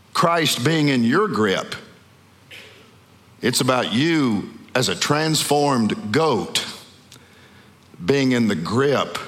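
Pastor preaching in a reverberant hall. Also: male voice, medium pitch, a bit bright. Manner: call-and-response questions to the congregation; emphatic, slows down on key words. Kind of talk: sermon. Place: church sanctuary. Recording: long reverb of a large hall.

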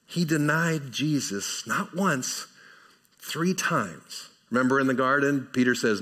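A man preaching a conversational sermon verse by verse, asking rhetorical questions and shifting between emphatic and quiet delivery. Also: medium pitch, takes it slowly, long pauses. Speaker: pastor.

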